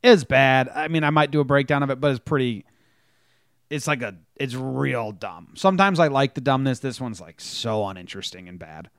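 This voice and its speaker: A man's voice: medium pitch, expressive, normal speed, a bit bright, no room sound, studio quality. A man co-hosting a casual sports podcast, telling stories animatedly and acting out players' lines. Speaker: podcast co-host.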